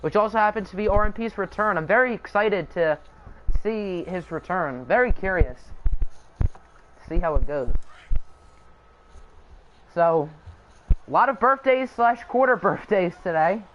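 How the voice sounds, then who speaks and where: A man's voice: high voice, lively intonation, measured pace, pauses often, lo-fi sound, a little hiss or hum. A young man hosting a live stream, calling a simulated football game and chatting with viewers in a joking, casual way. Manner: chatty, answers live chat, jokes. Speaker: channel host. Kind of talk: live sim-game commentary.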